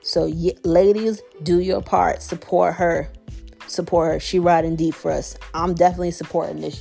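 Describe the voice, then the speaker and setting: A woman's voice: fairly low pitch, flat delivery, normal speed, vocal fry. Effusive woman host over faint music. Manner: effusive, emotional, shouting people out. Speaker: podcast host. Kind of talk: casual commentary, reading news aloud.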